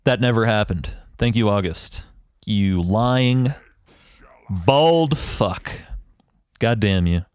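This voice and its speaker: A man's voice: lowish voice, lively intonation, takes it slowly, pauses often, smooth, no room sound, clean studio sound. A man giving casual commentary over a replay of his own game, explaining his decisions and swearing freely. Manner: profane, ranting, self-assured; analytical, talks through his decisions. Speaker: gaming YouTuber reviewing his own match.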